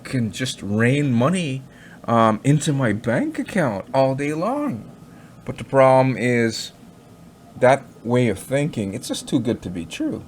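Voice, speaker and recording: A man's voice: mid-range voice, a little hiss or hum. Rambling, skeptical man in casual commentary. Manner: rambling and chatty, with fillers and many asides; skeptical, mocking tone. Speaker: crypto commentary vlogger.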